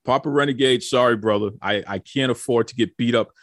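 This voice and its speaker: A man's voice: medium pitch, a little fast, no room sound. A man hosting a casual podcast chat, joking and teasing his guests, often repeating words as he talks. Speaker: podcast host.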